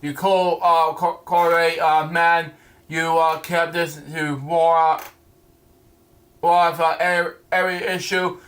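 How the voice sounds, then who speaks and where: Man, comic reviewer, reads aloud slowly, stumbles over words, bright tense voice, slightly high. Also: level tone. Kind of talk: reading a comic aloud with asides.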